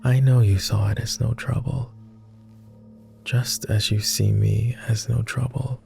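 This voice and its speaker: A man playing a posh gravelly vampire, whispered role-play. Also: exaggerated voice. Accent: posh British. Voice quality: low, gravelly and soft. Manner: slow, gentle and teasing. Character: jaded immortal male vampire, tender and teasing.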